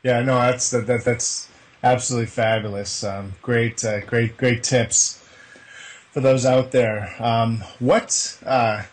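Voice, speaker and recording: A man's voice: mid-range voice, fairly even intonation, takes it slowly. A man hosting a coaching show, asking questions and affirming the guest's answers with many fillers. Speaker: show host and interviewer. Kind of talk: interview questions.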